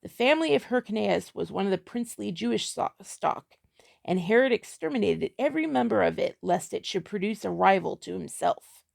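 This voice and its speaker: A woman's voice: mid-range voice, animated, fairly quick, vocal fry, a little mellow. A woman reading the part of a scowling male servant who speaks curtly, in a harsh, snarling way. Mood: bitter, curt.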